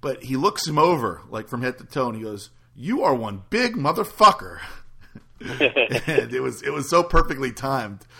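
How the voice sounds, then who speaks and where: A man hosts a podcast in a loose, casual chat. His voice has a bright, forward edge and a middle pitch. He swears freely as he talks. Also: moderate pace, vocal fry, slightly rough. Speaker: podcast host.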